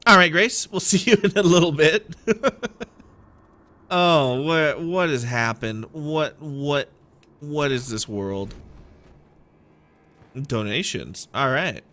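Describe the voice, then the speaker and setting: A man's voice: fairly high pitch, slow pace, long pauses, pushed and bright. A man streaming a game, giving rambling, playful, self-deprecating commentary. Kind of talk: casual gameplay commentary.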